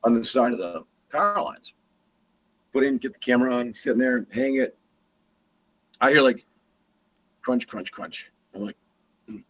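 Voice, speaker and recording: A man's voice: medium pitch, moderate pace, long pauses. A man, a guest hunter, telling a story in a casual way and acting out the sounds and the dialogue. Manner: animated, acts out sounds and quoted dialogue.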